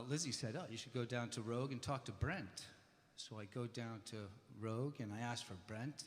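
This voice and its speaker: A man giving a personal, self-deprecating storytelling tribute at a memorial. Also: mid-range voice. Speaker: memorial speaker. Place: church hall used as a concert venue. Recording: live in a reverberant hall.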